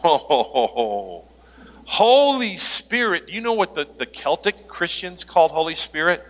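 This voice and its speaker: A man preaching a sermon as pastor, animated, joking aside and laughing now and then. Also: on the high side, measured pace. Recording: long hall reverb.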